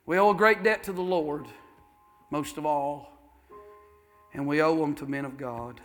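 A pastor preaching with folksy fervor, his voice sitting a bit high for a man. He tells stories and circles back over his own phrases. Soft music plays faintly beneath him. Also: unhurried. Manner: folksy, fervent storytelling with repeated phrases. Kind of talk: sermon.

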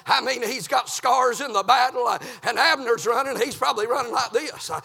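A man preaching a folksy, animated sermon in a large church, peppering it with "uh" and "amen" and getting out of breath. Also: very high-pitched, a little fast, creaky, breathy edge. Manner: Southern rural folksy preaching with fillers of "uh" and "amen". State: out of breath from running around.

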